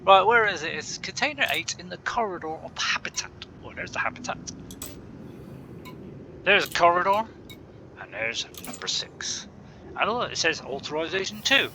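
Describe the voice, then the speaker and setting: A man's voice: sits high, very animated, moderate pace, sharp tone, a little hiss or hum. A man rambling casually through gameplay commentary, chatty and laughing often, talking to himself. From Bristol, England. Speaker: gaming channel host.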